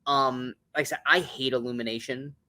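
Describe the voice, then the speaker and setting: A man's voice: mid-range voice, fairly even intonation, a little fast, sharp tone. A man co-hosting a casual movie-review podcast, blunt and opinionated, swearing often and restarting his sentences as he rambles.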